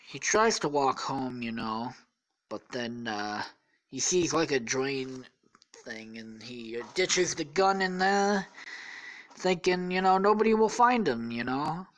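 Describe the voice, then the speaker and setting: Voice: mid-range voice, animated, slow pace, a bit bright, poor audio. Tired podcast host rambling through a story. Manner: rambling, full of fillers and profanity.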